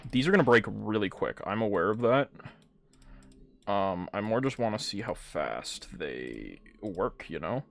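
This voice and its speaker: A man's voice: fairly low pitch, big pitch swings, unhurried, creaky. A young man rambling casually and swearing a lot while he plays a game and tells stories, with plenty of fillers. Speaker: gaming vlogger.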